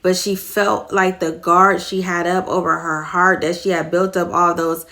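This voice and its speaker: Middle-aged woman host, lowish voice, earnest and rambling, retelling a story in casual faith talk. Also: flat delivery, normal speed, pushed and bright. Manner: rambling, earnest, many fillers.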